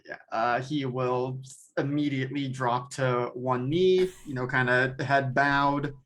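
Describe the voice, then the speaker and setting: A player in a tabletop game talks slowly and haltingly, with many pauses and fillers. The voice is mid-pitched, and his in-character lines come out humble and polite. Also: fairly even intonation, fairly bright tone. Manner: slow, hesitant, humble in character.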